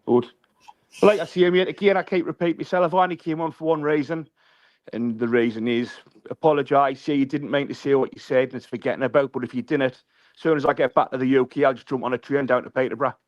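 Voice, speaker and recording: A man's voice: mid-range voice, steady tone, quick pace, muffled recording. A man with a northern English accent calling in to a live stream, ranting bluntly with heavy swearing and repeating himself. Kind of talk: casual ranting call-in.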